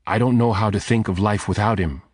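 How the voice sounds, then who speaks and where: A man's voice: lowish voice, fairly quick, no echo, clean studio sound, close to an everyday voice. A man voicing a grieving desperate father. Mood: bitter anguish. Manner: tense, choked, anguished.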